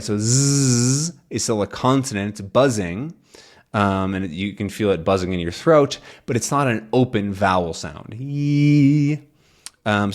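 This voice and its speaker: A young man teaching English, explaining sounds casually, thinking aloud with many fillers and "right?" checks, and slowly drawing out example words. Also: lowish voice. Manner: drawn-out demonstration of sounds.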